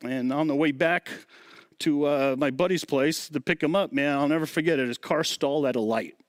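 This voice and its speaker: A middle-aged man in a relaxed interview, his voice sitting a little high for a man. He spins his stories with animation, slipping into the voices of the people he quotes. The recording is close and dry. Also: moderate pace, no echo. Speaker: guest, former drum tech. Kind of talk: casual storytelling interview.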